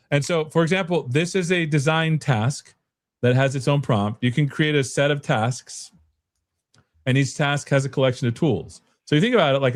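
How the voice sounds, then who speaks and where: Rambling man demoing his app. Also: mid-range voice. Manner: rambling, lots of "like" and "right?". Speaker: developer guest demoing an app. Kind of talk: casual tech demo chat on a livestream.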